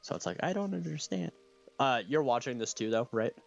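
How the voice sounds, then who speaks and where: A man's voice: medium pitch, very animated, fairly quick, gravelly, dull audio, soft background music. A man hosting a podcast in casual chat, with a slight lisp, laughing often and restarting his sentences. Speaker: podcast host.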